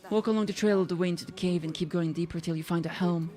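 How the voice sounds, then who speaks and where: A woman's voice: lowish voice, steady tone, quick pace, dark tone, lightly acted. A woman voicing a humble country villager who speaks in a drawling, folksy way. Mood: helpful.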